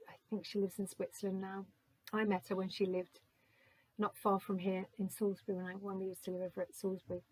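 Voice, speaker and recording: A woman giving a gentle, musing oracle card reading, slowly reading out card texts and reflecting on them. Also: medium pitch, husky, dry recording, poor audio.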